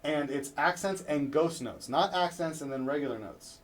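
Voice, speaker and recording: A man's voice: on the high side, normal speed. Man coaching drum technique from afar. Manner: coaching, checks in with "right?" after each point. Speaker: drum instructor. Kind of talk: instructional demonstration. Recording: distant mic with clear background noise.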